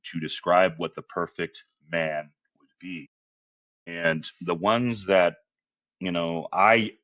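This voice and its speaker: A man's voice: deep voice, fairly bright tone, no room sound. A man talking as a podcast guest who leads men's groups, earnest and loose, full of "you know" fillers. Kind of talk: casual interview chat.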